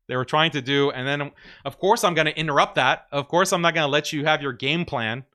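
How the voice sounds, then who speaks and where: Bright-voiced man mocking on a livestream. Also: fairly high pitch, a little fast. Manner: mocking, animated, peppered with "like". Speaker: livestream host reading super chats. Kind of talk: casual livestream commentary.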